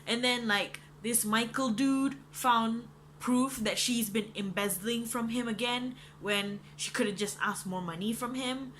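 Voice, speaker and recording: An animated young woman rants through a book review in a casual chat. Her voice is bright and fairly high, she swears freely and says "like" a lot, and a faint hum sits behind her. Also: a little slow. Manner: animated and ranting, swears freely, many likes.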